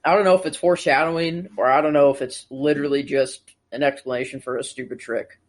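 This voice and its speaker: A man's voice: mid-range voice, fairly even intonation, quick pace. A man on a casual podcast who offers his thoughts tentatively, often hedging with "I don't know". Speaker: podcast co-host. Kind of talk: casual pop-culture chat.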